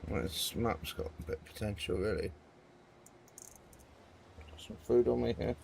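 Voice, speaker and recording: A man's voice: on the low side, a little slow, gravelly, a little mellow, slight background noise. A man hosting a gaming video, giving casual, rambling commentary and chatting to viewers as he plays.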